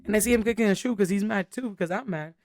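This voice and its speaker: A woman's voice: medium pitch, fast talker, a little mellow, no echo, clean studio sound. A young woman co-hosting a podcast, telling a candid, rambling story full of fillers in casual chat. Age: young adult. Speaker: podcast co-host.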